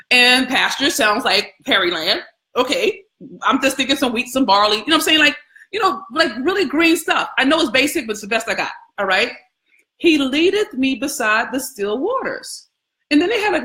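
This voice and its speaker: A woman's voice: high voice, fairly bright tone. A woman hosting a casual scripture contemplation, talking conversationally with frequent questions, profanity and laughter. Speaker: host.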